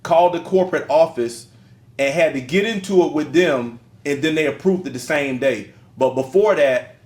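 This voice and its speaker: A middle-aged man tells stories on a podcast in a relaxed, slangy and emphatic manner. His voice sits a little high. The room around him rings with echo. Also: moderate pace. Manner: animated storyteller, slangy and emphatic. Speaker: podcast co-host. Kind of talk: casual conversation. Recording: roomy echo.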